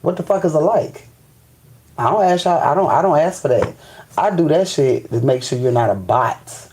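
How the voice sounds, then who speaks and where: Live-stream host, man, warm low-key tone, blunt and profane, lots of restarts. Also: animated, normal speed, poor audio. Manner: profane, emphatic, repeats "you know what I'm saying"; restarts and stammers when fired up. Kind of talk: casual live-stream rant.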